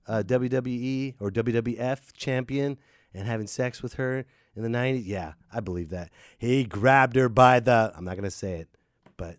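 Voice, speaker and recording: A man hosting a solo podcast, ranting in an animated, jokey way. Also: mid-range voice, no echo, studio quality. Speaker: podcast host. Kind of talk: casual solo podcast rant.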